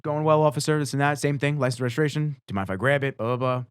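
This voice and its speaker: Fast-talking casual male podcast host. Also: mid-range voice, smooth, dry recording, studio quality. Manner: fast, animated, swears freely. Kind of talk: casual storytelling.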